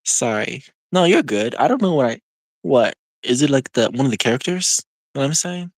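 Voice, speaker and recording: Lively rambling young streamer, dry sound. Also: medium pitch, no room sound. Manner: rambling, full of "like" and quick laughs. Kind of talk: casual live-stream chat, answering viewers.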